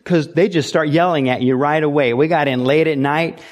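A man's voice: a little high, fairly even intonation, moderate pace. Man preaching a storytelling sermon. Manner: storytelling, acts out loud shouting quotes. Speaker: pastor.

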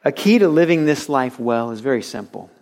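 A man's voice: medium pitch, a little fast, vocal fry. A man preaching a sermon as pastor, telling stories and acting out quotes. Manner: animated storytelling with acted-out quotes. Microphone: radio broadcast of a recorded sermon.

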